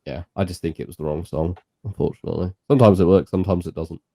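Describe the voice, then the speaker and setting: Low dark-voiced man in casual chat. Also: fairly even intonation, fast talker, vocal fry, no room sound, clean studio sound. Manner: opinionated, swears, trails off and restarts. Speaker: podcast co-host. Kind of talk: casual chat reviewing music.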